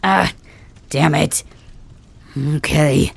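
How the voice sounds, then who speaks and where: A gruff young dragon king, voiced by a performer for an ASMR role-play, hurt and stubborn. His voice is heavily gravelly and husky, and he talks slowly and brusquely, cursing under his breath. The sound is close and dry. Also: mid-range voice, full character voice. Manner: gruff, brusque, swears, hesitant fillers. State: in pain, wounded.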